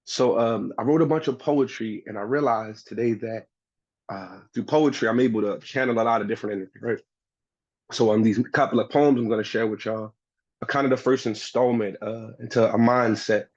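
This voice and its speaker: A man performing spoken-word poetry at an online open mic, reciting his lines in a measured, deliberate way. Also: fairly low pitch, darkish tone. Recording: dull lo-fi call audio.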